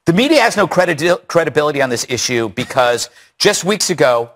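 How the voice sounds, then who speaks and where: Man, news panel host, mocking, sarcastic, somewhat high voice. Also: sing-song, brisk, fairly bright tone. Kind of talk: opinion panel talk.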